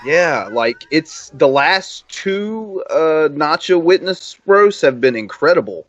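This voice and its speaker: A man's voice: on the high side, animated, a bit bright, no room sound. Awed man on a dull lo-fi line. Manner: awed, slow exclamations. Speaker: co-host. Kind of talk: live reaction chat. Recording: dull lo-fi sound.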